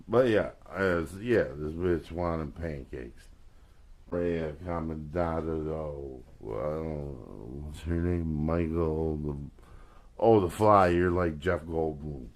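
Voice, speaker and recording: Very deep-voiced drunk man rambling. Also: a little mellow. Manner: crude, swearing, slurred rambling. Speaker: livestreamer. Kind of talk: rambling casual chat.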